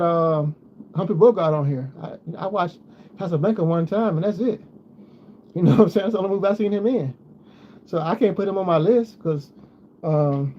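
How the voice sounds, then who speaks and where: A man chatting casually to his viewers, rambling and repeating himself as he goes. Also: a little high. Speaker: vlogger. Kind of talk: casual chat. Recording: dull lo-fi sound with faint noise.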